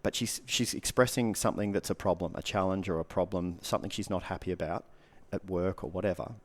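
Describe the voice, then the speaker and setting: A man's voice: low voice, fairly even intonation, fast talker. A man, a guest coach giving earnest advice in casual podcast talk, repeating short punchy phrases.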